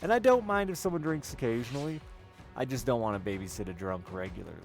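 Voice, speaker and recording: A man's voice: medium pitch, lively intonation, fast, gravelly, soft background music. A man streaming and chatting with viewers, telling candid, rambling personal stories with frequent laughs. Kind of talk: casual chat with stream chat.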